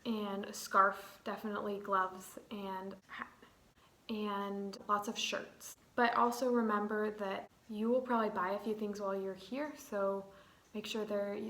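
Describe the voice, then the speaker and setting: A woman's voice: mid-range voice, fairly bright tone, reverberant, rough recording. A young woman in her twenties, chatting casually as a vlogger, rambling with lots of "like.". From United States. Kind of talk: casual chat.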